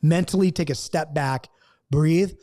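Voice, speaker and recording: A middle-aged man leads a recorded Bible study lesson in an earnest, coaching manner, driving his points home through repetition. His voice sits noticeably high for a man. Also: unhurried, mellow.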